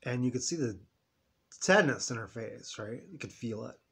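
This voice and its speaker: A man in his fifties tells a personal story, his husky voice rising and falling a lot. He rambles emotionally, slipping into quoted voices of himself and others. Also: medium pitch, lively intonation, normal speed, a bit bright. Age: 50s. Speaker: vlogger.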